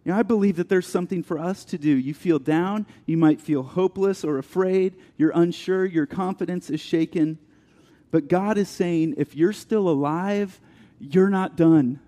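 A man preaching an earnest sermon as pastor, dropping to a hush for soft passages and building with rising questions. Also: high voice, moderate pace. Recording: long hall reverb.

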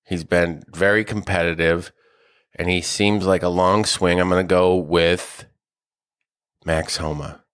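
A man's voice: deep voice, fairly even intonation, a little slow, a bit bright, clear, resonant tone, dry recording. A man co-hosting a golf podcast, ranting in mock anger, swearing and joking with his co-host. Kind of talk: casual chat.

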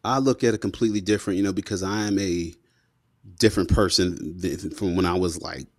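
A man in his thirties with a somewhat low voice tells a personal story, slangy and animated, full of asides. The recording is dry and close to the mic. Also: a little fast, no room sound. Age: 30s. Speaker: guest, former police officer. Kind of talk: casual storytelling.

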